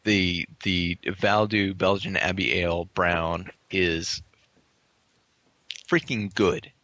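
A man co-hosting a podcast, chatting casually about beers he is tasting, with a relaxed, swearing manner full of restarts. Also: deep voice, slow, dry recording. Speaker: podcast co-host. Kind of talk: casual beer-tasting chat.

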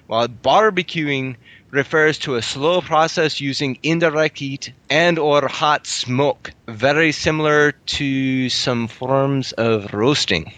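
A man's voice: pushed and bright, dry recording. A man reading aloud in a put-on Scottish accent that drifts toward Irish. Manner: pitched up, slowed reading.

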